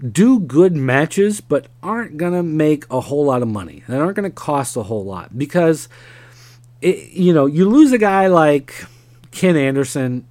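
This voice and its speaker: A man's voice: on the high side, darkish tone, no echo. Man musing over wrestling news, dry sound. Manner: rambling, many "um"s, analytical. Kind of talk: casual monologue.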